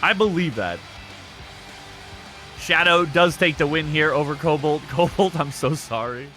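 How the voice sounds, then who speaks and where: A man's voice: fairly high pitch, fairly even intonation, normal speed, sharp tone, faint music behind. A man hosting a live game stream, commentating matches and chatting with viewers in a loose, laughing, foul-mouthed way.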